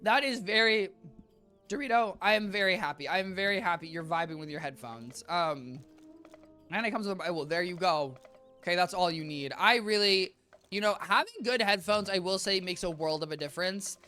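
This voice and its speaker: Rambling, bright-voiced game streamer. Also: medium pitch, moderate pace, soft background music. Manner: chatty, rambling, addresses chat as guys. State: worn-out voice. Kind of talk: live-stream chat while playing.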